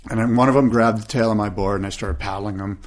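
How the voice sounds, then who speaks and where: A man's voice: on the low side, steady tone, fast talker. A man co-hosting a surf podcast, telling stories in a laid-back, rambling way full of fillers. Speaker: podcast co-host. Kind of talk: casual surf chat.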